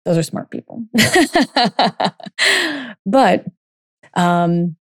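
A woman's voice: lowish voice, moderate pace, a little mellow, no room sound, studio quality. A woman coach telling a story in a casual monologue, full of fillers, then turning blunt and emphatic, with some swearing. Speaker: dating and life coach.

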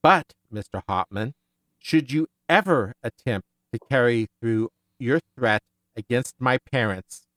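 A man reading aloud as a composed female starship captain, measured and cold. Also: medium pitch, a bit bright, no room sound, close to an everyday voice. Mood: cold threat. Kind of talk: reading a novel passage aloud.

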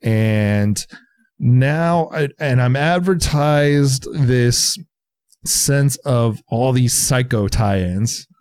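A man in his thirties co-hosting a casual movie review podcast, talking in an animated, profane way and mocking studio thinking. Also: medium pitch, drawn-out words, clear, resonant tone. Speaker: podcast co-host.

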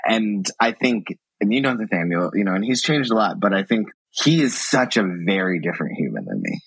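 A man talking as a podcast guest in casual conversation, animated, acting out quoted exchanges and laughing often. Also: lowish voice, fairly quick, creaky, slightly rough, no room sound, rough recording.

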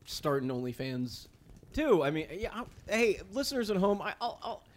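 A man's voice: high voice, very animated, moderate pace. A man co-hosting a podcast in casual chat, crude and joking, rambling on a studio mic. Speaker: podcast co-host. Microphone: studio mic with headphones.

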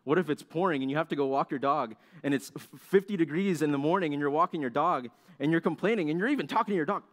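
A man's voice: a little high, fast talker, hardly any pauses, fairly bright tone. A young man giving a sermon to young listeners. He talks conversationally, asks them questions and briefly acts out complaining voices.

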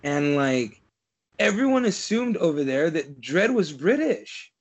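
A man co-hosting a podcast in casual chat, animated and quick to swear. His talk is heavy with fillers. His voice sits fairly high for a man. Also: dull audio. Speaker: podcast co-host.

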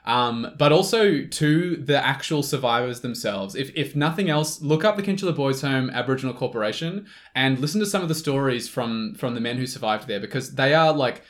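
A man with a mid-pitched voice chats on a podcast. He talks in an earnest, halting way, circling back and restarting his sentences as he goes. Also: expressive. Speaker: podcast co-host. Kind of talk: casual podcast chat.

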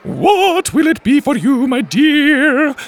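A man's voice: extremely high pitch, sing-song, takes it slowly, faint music behind, voice pushed up, full character voice. A man voicing a jolly, plump woman camp cook who talks in an operatic, sing-song way.

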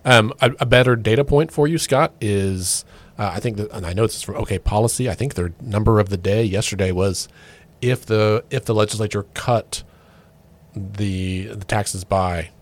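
A man's voice: on the low side, normal speed. A man co-hosting a political podcast in casual chat, restarting phrases often as he talks. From Oklahoma. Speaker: podcast co-host.

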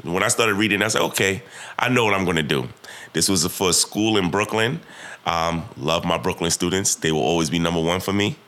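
A man's voice: deep voice, a little fast. A young man in his twenties, a podcast guest, telling a story casually and with energy, acting out what people said. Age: 20s. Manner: animated, rhythmic storyteller, acts out quotes.

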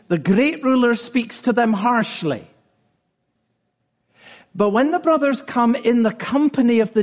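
A man's voice: high voice, long reverb tail. A male pastor preaching a sermon, earnest and building to emphatic points.

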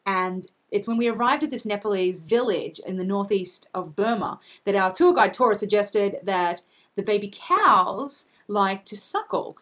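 A woman co-hosts a travel podcast in relaxed, back-and-forth chat. She talks in a lively, teasing way and cuts in quickly. Her pitch is in the middle of the usual range for women. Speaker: podcast co-host. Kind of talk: casual chat.

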